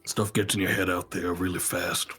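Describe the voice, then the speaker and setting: Deep, husky man giving firm warnings. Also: level tone, normal speed, pushed and bright, faint music behind. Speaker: tabletop player. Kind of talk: in-character talk in a tabletop game.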